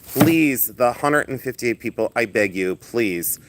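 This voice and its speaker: A loud, flamboyant man hosting a casual livestream outdoors, chatting with viewers and laughing often as he shows off his finds. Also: medium pitch, animated, measured pace, background noise. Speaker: livestream host selling and showing jewelry. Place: outdoors in the sun.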